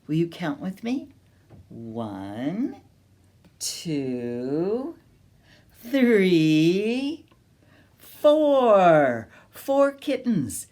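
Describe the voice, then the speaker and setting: A woman reading a picture book aloud at a children's storytime, slow and sing-song, inviting the children to join in. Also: on the low side, sing-song, dark tone.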